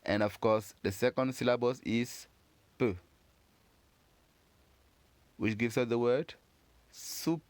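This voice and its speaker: A man giving a patient pronunciation lesson, slowly repeating words and encouraging learners. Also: mid-range voice, fairly even intonation, a little mellow, no echo. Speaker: French teacher.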